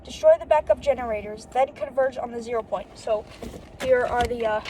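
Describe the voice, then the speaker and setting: A high-pitched woman reads a comic aloud in a casual, stop-and-start way, often repeating the same lead-in before each line of dialogue. Her voice is mellow and dark in tone despite its height. A faint background noise sits under the recording. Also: low-quality recording. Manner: reads haltingly, repeating "and then she says" and correcting slips; adds brief unsure asides to the reading. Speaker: comic book reader.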